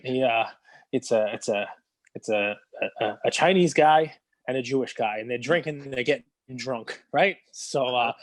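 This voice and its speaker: A man's voice: mid-range voice, no echo. A man hosting a podcast, joking and telling a story in playful casual chat. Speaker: podcast host.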